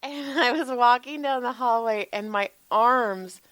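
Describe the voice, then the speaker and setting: A woman, telling stories in a casual podcast chat, animated and laughing, often swearing and acting out what people said. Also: a little high, measured pace, no echo. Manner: animated, laughing, swearing freely, acts out quotes. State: tired. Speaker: podcast co-host, massage therapist.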